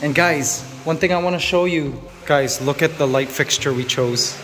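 A man from Canada in his thirties, vlogging casually from his farmhouse and gushing to his viewers with excitement and emotion. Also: a little high, normal speed, few pauses, faint music behind. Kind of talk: casual vlog. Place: farmhouse under construction.

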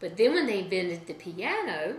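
A woman music teacher leading a children's sing-along lesson in a gentle, chatty way, often stopping to correct herself. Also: mid-range voice, big pitch swings, normal speed, roomy sound.

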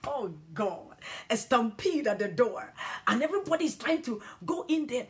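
A woman from Ghana telling a spiritual testimony, animated and emotional, with hushed, awed passages. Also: on the high side, moderate pace. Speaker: Christian speaker.

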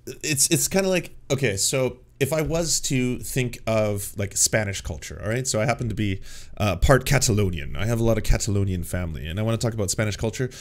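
A man's voice: lowish voice, expressive, a little fast. A man hosting a casual commentary, stammering and sarcastic as he reacts in exasperation. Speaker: host.

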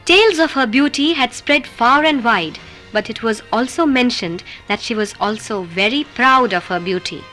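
A woman narrating a children's fairy tale in a gentle, measured way. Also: on the high side. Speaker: storyteller.

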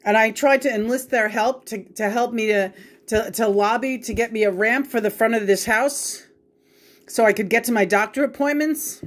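A woman's voice: fairly high pitch, moderate pace. Frustrated, swearing woman venting at home. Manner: frustrated, profane, rambling with restarts. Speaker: vlogger. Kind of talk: venting home video chat.

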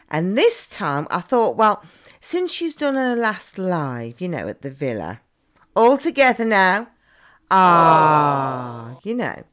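A woman runs a casual reaction vlog. Her talk is cheeky and chatty, full of teasing asides, and her pitch swings widely up and down as she goes. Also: a bit bright. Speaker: reaction vlogger.

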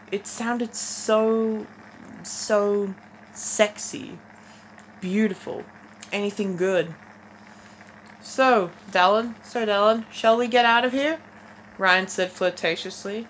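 A teenage girl reads fanfiction aloud casually, stumbling and restarting, and drops wry comments between passages. Her voice is lowish with a fairly bright tone, and the rough recording carries faint background noise.

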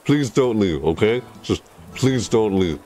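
A man streaming a game, chatting casually and rambling with jokes, sometimes breaking into loud high squeals. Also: expressive, a little slow, faint music behind. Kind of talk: casual gameplay commentary.

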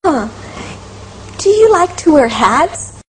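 A woman reading a scripted English lesson dialogue, asking clearly spoken, animated questions. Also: high-pitched, slow pace, slight background noise, rough recording.

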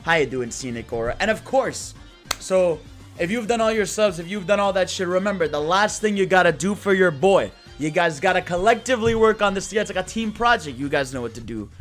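A man's voice: sits high, animated, brisk, fairly bright tone, faint music behind. A young man hosting a live stream, talking to chat in a brash, profane, hyped-up way.

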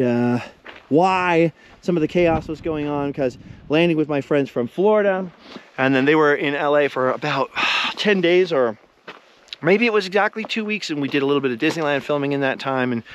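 A man's voice: a little high, a little hiss or hum. A middle-aged man, out of breath, chatting in a rambling vlog while hiking outdoors at old ruins. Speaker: vlogger. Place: outdoors at a desert mine ruin.

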